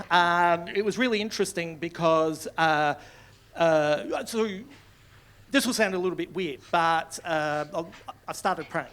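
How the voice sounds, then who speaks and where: An Australian man performing a stand-up comedy set on a club stage, rambling and swearing freely, building to loud outbursts. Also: fairly high pitch, smooth.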